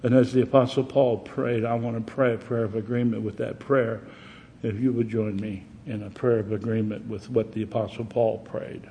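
A man preaching a sermon, rising dramatically on key words and dropping to hushed tones. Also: medium pitch, little pitch movement, normal speed, a little hiss or hum. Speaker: pastor.

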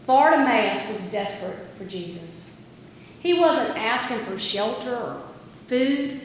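A woman delivers a sermon in a slow, measured way, stressing key words for drama. Her voice sits a little high and rings through a large room with heavy echo and a long reverb tail. A faint hum of ambience sits underneath. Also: animated. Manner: slow, deliberate storytelling with dramatic emphasis. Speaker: preacher.

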